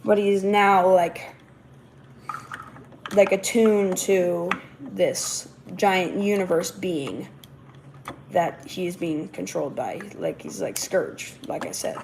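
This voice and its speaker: A woman's voice: fairly low pitch, animated, slow, noisy background. A woman hosting a casual livestream, rambling along with lots of fillers and false starts. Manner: rambling, many fillers and restarts. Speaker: livestream host.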